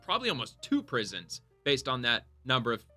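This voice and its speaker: A man riffs through political news for his YouTube channel in a loose, rambling way, swearing freely and reacting as he reads. His voice is very bright and forceful. Faint music plays underneath. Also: mid-range voice, fairly quick. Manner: profane, rambling, animated reactions. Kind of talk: casual commentary reading posts aloud.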